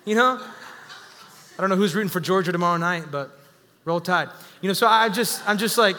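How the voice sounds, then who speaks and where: High bright-voiced preacher man. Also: fairly quick. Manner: energetic, calls out to the congregation. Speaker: pastor. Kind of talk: sermon. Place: church sanctuary. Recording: echoey hall.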